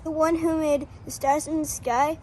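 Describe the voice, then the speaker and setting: A woman's voice: high voice, steady tone, moderate pace, mellow, a little hiss or hum, natural voice, poor audio. A woman voicing a thoughtful, wise sheep who earnestly explains things to the flock in an amateur scripture drama. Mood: reflective.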